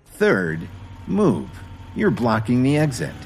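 A calm, quietly confident husband speaking in measured phrases, as a male narrator voices him. His voice is husky, with a lively pitch. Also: heavily acted.

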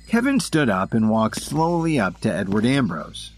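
A man narrating a scripted story in an even storytelling delivery. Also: on the low side, moderate pace, few pauses, soft background music.

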